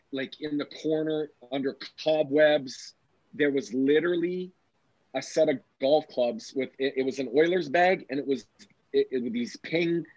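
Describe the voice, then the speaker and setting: A man hosting a casual chat, telling stories in an animated, profane, excitable way. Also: fairly high pitch, dry recording. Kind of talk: casual storytelling. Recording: dull, dry lo-fi audio.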